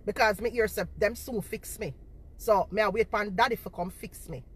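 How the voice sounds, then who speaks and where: A woman's voice: medium pitch, moderate pace, fairly bright tone, husky. A woman, confronting her viewers on a livestream and repeating herself for emphasis, talking into a phone held in front of her face. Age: 40s.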